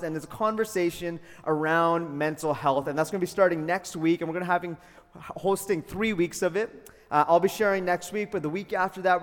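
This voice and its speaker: A young adult man from Calgary, preaching a sermon as pastor in an upbeat, friendly way with joking asides. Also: on the high side. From Calgary, Canada. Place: school hall used for church. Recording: long hall reverb.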